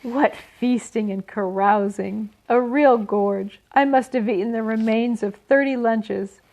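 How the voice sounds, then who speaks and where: Woman doing a male barn rat, husky, hoarse, drawling, loud, gravelly. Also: on the high side, measured pace. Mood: gloating. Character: gluttonous male barn rat, sly and gloating.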